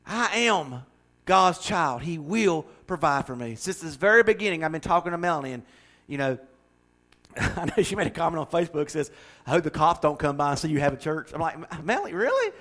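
A middle-aged man preaching a folksy, joking sermon that swells into fervent, loud passages. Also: a little high, brisk. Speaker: pastor.

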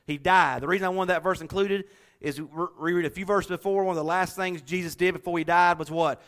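High, bright preacher. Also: male voice, a little fast. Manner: folksy, animated storytelling with laughter. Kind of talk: sermon.

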